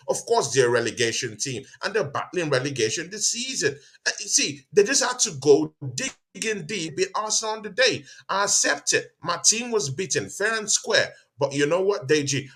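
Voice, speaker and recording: A man hosting a football talk show with a bright, forceful voice and a somewhat high pitch. He argues heatedly, circling back to the same phrases to press his case. The talk is casual and combative. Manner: argumentative, keeps repeating "see, Deji". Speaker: show host.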